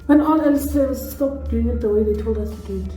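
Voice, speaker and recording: A South African woman doing a put-on Nigerian accent, chatting excitedly and laughing at herself through a makeup tutorial. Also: fairly high pitch, brisk. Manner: chatty, excitable, self-deprecating. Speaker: beauty vlogger. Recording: echoey room with faint music.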